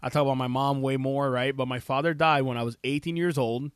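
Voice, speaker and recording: A middle-aged man hosts a talk show, speaking in a heartfelt, preachy way as he tells a family story and turns it into advice. His voice sits in an ordinary middle pitch and is recorded dry and close, with no room sound. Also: steady tone, brisk, clear, resonant tone, no echo. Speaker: show host. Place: Ohio.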